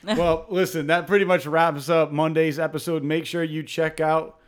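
Guy hosting a podcast, kinda higher voice, keeps laughing n restarting. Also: level tone, normal speed. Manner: laughs often, repeats himself. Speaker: podcast host. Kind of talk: casual chat.

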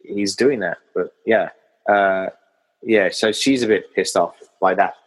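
Male co-host, lowish voice, relaxed plot-recap chatter. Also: a little slow, husky, poor audio. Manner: chatty, laughs often, retells plot. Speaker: film podcast co-host. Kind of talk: casual film discussion.

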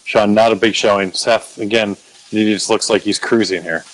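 A man's voice: on the low side, steady tone, normal speed, low-quality recording. A man hosting a casual podcast recap, swearing often and mocking himself as he rambles with restarts. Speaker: podcast host.

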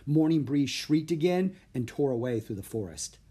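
Husky man reading a children's story. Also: medium pitch, moderate pace. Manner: steady, plain storytelling. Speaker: narrator. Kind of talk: children's audiobook narration.

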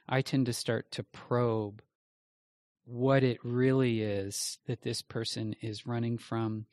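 A man's voice: mid-range voice, no echo. Conversational man co-hosting, dry sound. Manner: conversational, earnest explaining. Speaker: co-host pastor. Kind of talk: Bible teaching in a question-and-answer show.

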